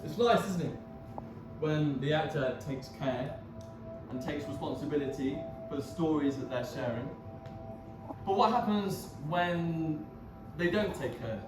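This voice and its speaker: Guy giving a scripted talk on stage, clear presenting voice, far away and echoey. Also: on the high side, a little slow, over music. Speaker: lecturer, performer. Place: performance venue.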